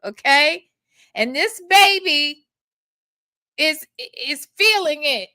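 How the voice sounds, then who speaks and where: This host has a high-pitched, animated voice with a sharp tone, and she talks slowly while reading chat comments on her casual commentary stream. She's profane and emphatic, repeating herself and tagging lines with "okay?". The dry recording is studio quality.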